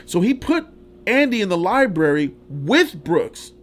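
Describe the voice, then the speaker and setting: A man talks through a film in a casual vlog, rambling with restarts and swearing freely. He sounds enthusiastic, and his voice sits a bit high for a man. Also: very animated, measured pace. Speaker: vlog host, movie reviewer. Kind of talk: casual movie review vlog.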